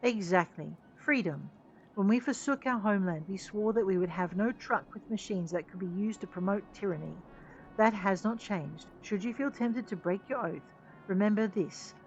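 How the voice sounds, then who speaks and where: A woman reading as a stern male engineer chief who lectures his crew firmly and deliberately. The sound is dull and lo-fi, with faint music behind. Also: medium pitch, darkish tone, natural voice.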